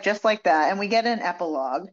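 A woman co-hosting a casual book club podcast, retelling the plot with lively acted-out quotes. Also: quick pace, lo-fi sound. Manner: animated retelling, acts out quotes in high voices. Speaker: podcast co-host.

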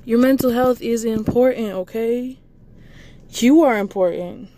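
Woman podcast host, mellow tone, rambling, goofy, encouraging, hypes up listeners. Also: on the high side, unhurried. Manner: affectionate, encouraging. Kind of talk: casual motivational monologue.

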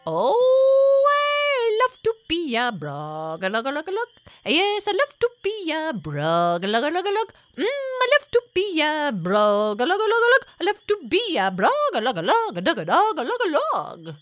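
A woman voicing a playful, mud-loving young female ghost creature in a sing-song, squeaky storybook voice. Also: huge pitch swings, slow pace, fairly bright tone, faint music behind, full character voice. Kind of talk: storybook audio reading.

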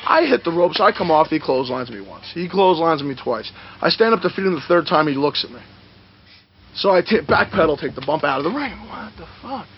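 A man telling stories from his wrestling days in a profane, animated shoot interview, acting out the moves as he talks. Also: fairly high pitch, fairly quick, husky, dull audio. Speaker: retired pro wrestler interviewed.

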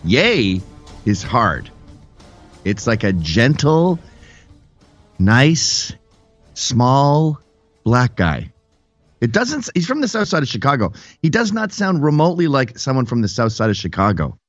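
Male podcast host, lively, mocking delivery, dull dry lo-fi sound. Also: medium pitch, a little slow, long pauses, no echo, faint music behind. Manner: animated, mocking, puts on voices. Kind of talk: casual comedic chat.

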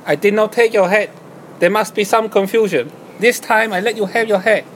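A man's voice: high-pitched, moderate pace, fairly bright tone, a little hiss or hum. A man voicing a pushy male hat shopkeeper who haggles in broken English. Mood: grudging.

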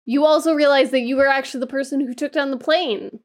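A woman's voice: sits high, steady tone, quick pace. A woman co-hosting a podcast, explaining a story at length in casual chat, with fillers along the way. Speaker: podcast co-host.

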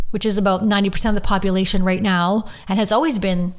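A woman's voice: mid-range voice, flat delivery, fast talker. A woman who works as a medium, hosting a casual solo podcast and talking in a gushing, rambling way full of fillers.

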